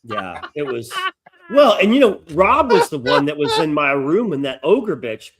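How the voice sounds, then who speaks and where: Animated, profane storytelling man. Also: on the high side, normal speed, a loud crowd. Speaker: podcast co-host. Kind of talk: casual chat, storytelling.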